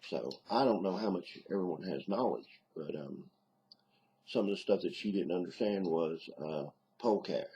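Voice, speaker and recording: A man's voice: sits low, expressive, moderate pace, dark tone, slightly rough. A middle-aged man with a Southern US accent, rambling in a casual video diary with lots of ums. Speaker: video diarist. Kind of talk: casual vlog monologue.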